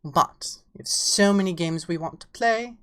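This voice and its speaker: A woman's voice: on the low side, normal speed, a bit bright. A woman with an English accent chatting casually on a livestream, playful, greeting viewers as darling. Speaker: streamer.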